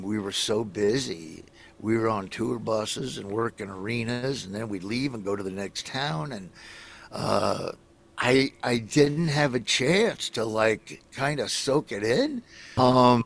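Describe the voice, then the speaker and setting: Rambling middle-aged comedian from Nebraska. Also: male voice, mid-range voice, creaky. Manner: rambling storyteller, acts out other people. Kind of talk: casual interview chat.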